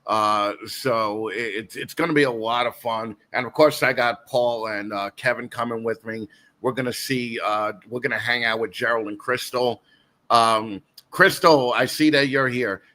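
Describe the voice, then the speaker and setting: A man's voice: mid-range voice, moderate pace, sharp tone. A man guest hosting a casual podcast, telling a rambling story full of restarts and laughter. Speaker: guest host.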